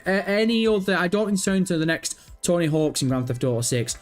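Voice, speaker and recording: Man, young adult, livestream host, sweary teasing chat, fairly high voice, faint music behind. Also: very animated, quick pace, few pauses. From Britain. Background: faint background music.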